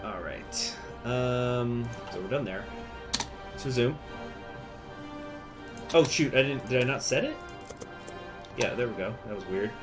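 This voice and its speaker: A man talks casually through a strategy game, trailing off and getting distracted with plenty of fillers. His voice sits at an ordinary pitch for a man. Game music plays clearly behind him. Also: lively intonation, a little slow, pauses often. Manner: easily distracted, chatty, many fillers. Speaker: gaming channel host. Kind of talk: casual gameplay commentary.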